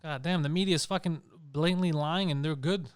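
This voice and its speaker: A man's voice: fairly high pitch, fairly quick, clear, resonant tone, dry recording, clean studio sound. A man co-hosting a comedy podcast, ranting in casual, profane banter. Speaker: podcast co-host.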